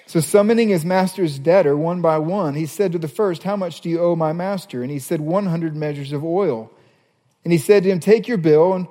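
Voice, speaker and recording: A man preaching a sermon as a pastor, animated, reading scripture passages aloud. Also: on the high side, in a large hall.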